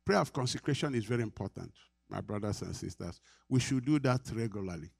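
Gravelly Nigerian pastor preaching. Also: male voice, fairly low pitch, expressive, fast talker, darkish tone, no room sound, studio quality. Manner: earnest, repeats phrases, laughs often. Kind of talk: sermon.

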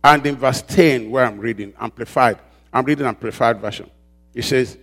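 A man preaching a sermon as pastor, calling out questions for the congregation to answer and slowing down to stress key words. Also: mid-range voice, animated, vocal fry, breathy edge. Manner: call-and-response preaching, prompting the congregation with "what?"; rises and presses louder on key points, slows on emphasized words.

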